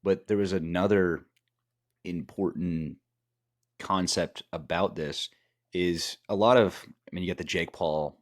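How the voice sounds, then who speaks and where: A man with a very low voice chats loosely on a podcast, drifting between thoughts and restarting sentences. He sounds tired as he talks. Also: fairly even intonation, unhurried. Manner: rambling, restarts often. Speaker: podcast co-host. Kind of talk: casual podcast chat.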